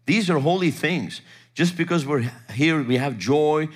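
A man's voice: a little high, a little slow, slightly rough. Male pastor telling a sermon story. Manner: animated, acts out quoted dialogue.

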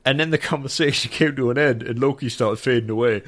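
A young man co-hosting a casual film review chat, animated and laughing as he acts out scenes. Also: mid-range voice, fast. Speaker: podcast co-host.

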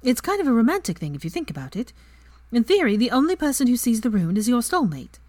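A woman's voice: fairly high pitch, sing-song, quick pace, darkish tone, no echo, pitched above the performer's own voice. A woman voicing a composed young witch who explains old magic in a story reading. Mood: explaining. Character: knowing young witch, matter-of-fact and composed.

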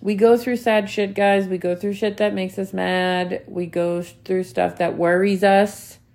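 A gravelly, slightly mellow, medium-pitched voice with little rise and fall belongs to this podcast host in her thirties, who speaks at a measured pace. In a heartfelt, emphatic motivational monologue, she talks straight to her listeners, repeating key points for weight and dropping casual swear words.

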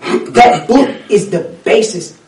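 High-voiced man ranting in an echoey room. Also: takes it slowly. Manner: animated, profane ranting with street slang. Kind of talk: casual chat. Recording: echoey room, mic at a distance.

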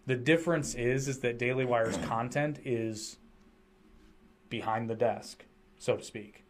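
An American man hosts a casual podcast chat, voicing opinions in a rambling, restless way. His voice sits at an everyday middle pitch, and he keeps circling back to restart his sentences. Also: unhurried. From United States. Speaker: podcast host.

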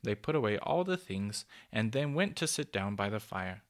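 A man reading a children's story aloud in a gentle, measured way. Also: lowish voice, big pitch swings.

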